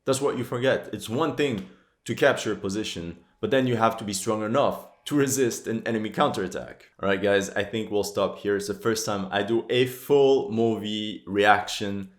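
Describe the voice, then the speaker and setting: A man's voice: lowish voice, moderate pace. A man hosting a history channel, giving movie reaction commentary with critical, exasperated outbursts. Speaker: history channel host reacting to a war film. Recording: roomy echo.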